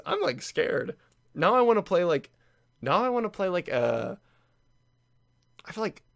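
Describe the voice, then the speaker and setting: A young man is playing a game on camera, reading the in-game text aloud and reacting in a jumpy, nervous way while often repeating himself. His voice sits at a medium pitch with some vocal fry. The studio recording is clean and has no echo.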